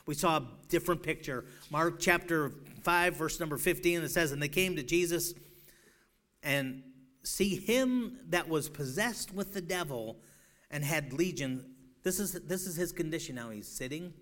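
A male preacher giving an evangelistic sermon in a church, shouting one moment and pleading softly the next, often repeating himself. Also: fairly high pitch, moderate pace. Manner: swings from shouting to hushed, pleading; repeats words and restarts. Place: church sanctuary.

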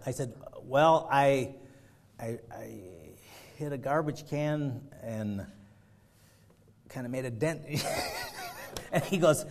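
A man preaching a sermon, telling a personal story with animated, laughing retellings before building to loud exhortation. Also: a little high. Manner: animated storytelling, acts out his own panic with laughter.

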